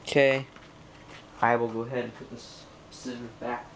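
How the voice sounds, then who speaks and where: A man's voice: medium pitch, little pitch movement, moderate pace, vocal fry, noisy background. A young man narrating an unboxing at home, rambling and talking to himself and the computer, getting frustrated while it loads. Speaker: tech vlogger. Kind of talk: casual unboxing commentary.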